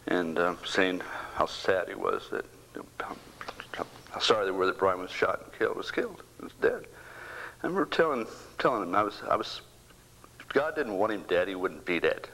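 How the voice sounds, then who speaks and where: Halting older man telling a faith story. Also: low-pitched, fairly bright tone, rough recording. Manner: halting, repeats words, drops into whispers. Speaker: bereaved father. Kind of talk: personal faith testimony.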